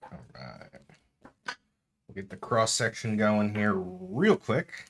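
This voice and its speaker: A man's voice: on the low side, animated, slow pace, a bit bright. A man streaming casually at home, chatting through a food tasting and dropping in Spanish words.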